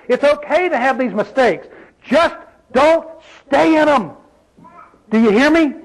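A man's voice: extremely high pitch, poor audio. A man preaching a sermon in an emphatic, folksy way, full of rhetorical questions.

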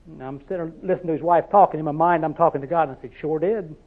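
Male preacher, high-pitched, tinny lo-fi recording; folksy sermon full of rhetorical questions. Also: steady tone, very fast. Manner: drives points home with repeated "See?" questions; storytelling, conversational.

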